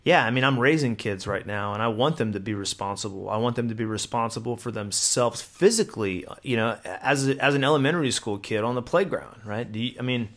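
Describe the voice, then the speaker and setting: A man in his thirties, co-hosting a podcast, telling a long anecdote in a rambling, animated way. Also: mid-range voice, brisk, few pauses. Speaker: podcast co-host. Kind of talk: casual chat, storytelling.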